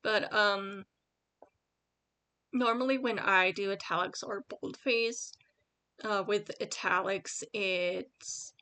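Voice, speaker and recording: A woman's voice: mid-range voice, fairly even intonation, slow, pauses often, bright, forceful tone, clean tone. A woman giving casual writing advice as the host of her own channel, rambling with many fillers and restarts. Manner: reads her own sample paragraph aloud. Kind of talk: casual screen-share tutorial.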